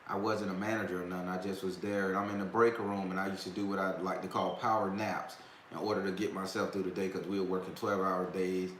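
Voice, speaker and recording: Rambling low-voiced man in an echoey room. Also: little pitch movement, quick pace. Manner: rambling, with restarts and slang. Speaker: host of a talk stream. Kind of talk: casual storytelling to viewers. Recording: echoey room with faint background noise.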